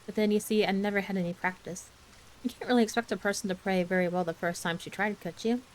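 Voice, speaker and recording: A woman voicing an eager, dreamy orphan girl who pleads and gushes, in a soft ASMR bedtime story reading. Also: medium pitch, steady tone, fast talker, slight background noise, natural voice, low-quality recording. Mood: earnest. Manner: breathless, pleading, gushing.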